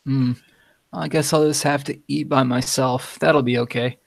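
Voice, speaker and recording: A man casually chatting as a player in a tabletop game, easygoing and quick to laugh. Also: mid-range voice, fairly even intonation, vocal fry, no echo.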